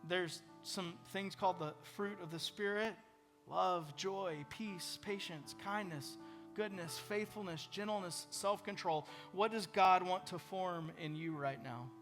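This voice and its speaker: A pastor preaching an earnest, conversational sermon with prayerful asides. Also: male voice, high voice, measured pace, a bit bright, faint music behind.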